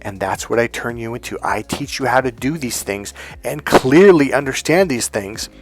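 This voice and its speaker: A middle-aged man from California giving a blunt, profane, animated dating-coaching talk. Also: mid-range voice, moderate pace, slightly rough, faint music behind. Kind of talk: emphatic coaching monologue.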